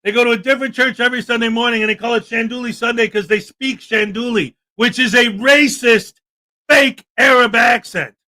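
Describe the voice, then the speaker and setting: Very high-pitched, sharp-voiced ranting man. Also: fairly even intonation, brisk. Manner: sarcastic, indignant, answers chat comments. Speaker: livestream host. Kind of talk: ranting commentary livestream.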